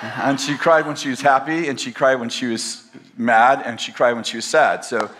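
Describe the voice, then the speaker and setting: Pastor, man, mid-pitched voice, casual storytelling sermon with self-deprecating jokes. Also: steady tone, normal speed, fairly bright tone. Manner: conversational, rambling, self-deprecating humor. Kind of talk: storytelling sermon to a live audience. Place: campus teaching session.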